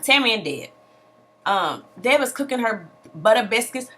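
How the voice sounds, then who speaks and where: A young woman recapping a reality TV episode in a sassy, animated way, full of slangy asides and mock outrage. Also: medium pitch, moderate pace. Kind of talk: casual recap commentary.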